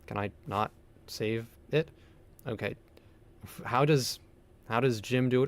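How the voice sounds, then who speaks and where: A man commentating his own gameplay, excitable, pleading with the game and joking along. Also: fairly low pitch, moderate pace, a little hiss or hum. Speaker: gaming video host. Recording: game music underneath. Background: game music.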